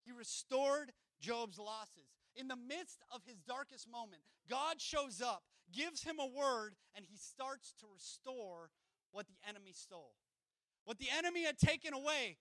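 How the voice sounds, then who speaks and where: A man preaching a sermon in a casual, conversational way, retelling scripture in slangy everyday speech and swinging between loud emphatic peaks and hushed asides. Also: extremely high pitch, no echo. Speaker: pastor.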